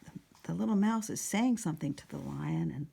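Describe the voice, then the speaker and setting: A woman narrating a picture book at storytime, speaking softly and often slipping into a whisper, asking the listener questions. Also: sits low, lively intonation, brisk, gravelly, breathy edge. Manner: soft, often sliding into a whisper.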